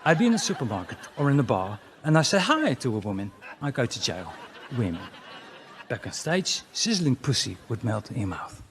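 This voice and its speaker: Lively Dutch-accented male comic. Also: fairly quick, slight background noise. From Netherlands. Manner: crude, mocking, jumps to loud high-pitched exclamations. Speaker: comedian. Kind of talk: stand-up comedy routine.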